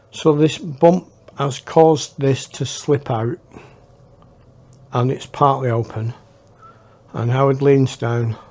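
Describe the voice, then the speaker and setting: Slow-talking storyteller man. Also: medium pitch. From England. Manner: unhurried, drawn-out telling with pauses and hushed asides. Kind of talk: casual spoken anecdote.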